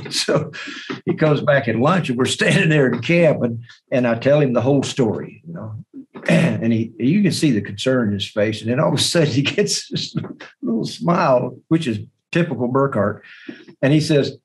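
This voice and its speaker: A man who is a bowhunter, telling a hunting story as a podcast guest, animated and repeating words as he goes. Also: medium pitch, normal speed, poor audio. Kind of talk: hunting story told in an interview.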